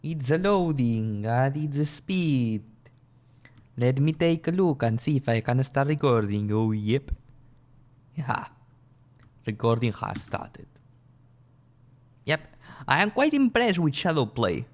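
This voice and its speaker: A man's voice: medium pitch, very animated, slow, long pauses. A man in his early twenties from a small European country, giving casual, rambling gameplay commentary at his computer, swearing, restarting sentences and laughing often. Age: early 20s. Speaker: gaming channel host.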